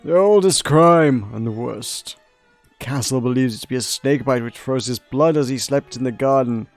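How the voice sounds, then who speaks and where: A man's voice: mid-range voice, normal speed, soft background music, natural voice. A man voicing a guilt-stricken middle-aged king who confesses in an anguished prayer.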